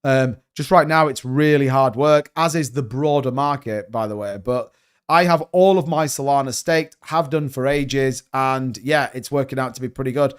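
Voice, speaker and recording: A young man hosting a crypto live stream, talking fast and excitedly in a rambling, casual way while reading viewer comments. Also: medium pitch, clear, resonant tone.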